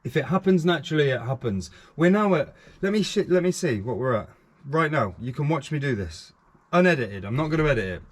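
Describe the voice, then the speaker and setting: Impassioned man, very lively pitch. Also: fairly quick. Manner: earnest and impassioned, repeating phrases for emphasis. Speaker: YouTube channel host. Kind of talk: frank talking-to-camera vlog.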